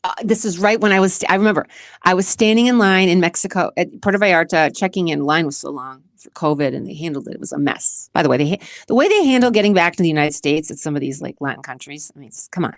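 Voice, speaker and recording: Speaking quickly in a lowish voice with no echo, a woman hosts her own podcast and muses on relationships. The monologue is casual, earnest and rambling, and at times she is close to crying.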